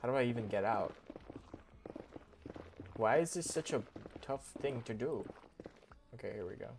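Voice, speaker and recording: A young man streaming a game, talking casually in a goofy, excitable, rambling way full of slang. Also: mid-range voice, normal speed, slight background noise. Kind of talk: casual live-stream commentary.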